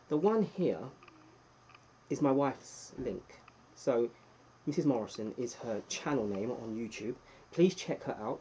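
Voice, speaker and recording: A man's voice: fairly high pitch, husky, poor audio. Chatty man hosting a live stream. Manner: chatty, greets viewers by name, bursts of excitement. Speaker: livestream host. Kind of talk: casual live-chat stream.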